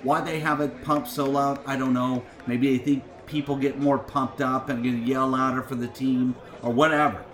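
A middle-aged radio host on a music show tells an indignant story, swearing and laughing throughout in an animated way. His voice is medium-pitched at a normal speed with few pauses, and the recording is reverberant.

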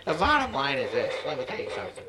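A man's voice: on the high side, wildly swooping pitch, racing, crowd noise, rough recording. A man playing a crude, boastful male lawyer who rambles with profane swagger. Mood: cocky.

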